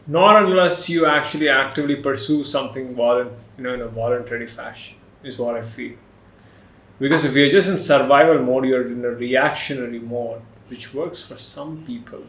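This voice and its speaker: A man hosting a podcast in casual chat, animated and quick to laugh. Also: mid-range voice, echoey room. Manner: animated, laughs often, puts on mock voices. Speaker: podcast host.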